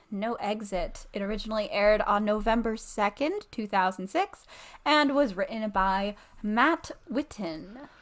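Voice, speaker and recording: Young woman cohost chatting casually, chimes in a lot. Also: mid-range voice. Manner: chatty, interjecting with corrections. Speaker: podcast co-host. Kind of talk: casual chat.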